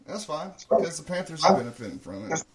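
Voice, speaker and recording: A man hosting a morning show in casual, profane chat. His voice sits a bit high. He laughs often at his own jokes, and a crowd murmurs behind him. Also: big pitch swings, quick pace, distant mic. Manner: swears freely, laughs often at himself.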